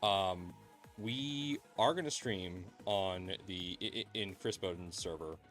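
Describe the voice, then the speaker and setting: A man's voice: low voice, takes it slowly, a bit bright. A tired man hosting a livestream, joking casually and swearing freely, with faint music behind him. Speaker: livestream host. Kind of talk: casual chat.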